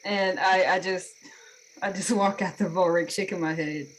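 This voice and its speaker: A woman's voice: lowish voice, fairly even intonation, normal speed, poor audio. Playful woman playing her character. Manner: playful, teasing. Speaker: player. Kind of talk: in-character tabletop role-play.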